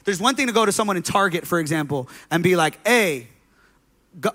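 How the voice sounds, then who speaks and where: A male pastor delivers a sermon in a slightly higher-than-usual voice. He tells stories conversationally, with plenty of fillers and loose asides. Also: lively intonation, quick pace, bright, forceful tone. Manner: conversational preaching, storytelling with many fillers.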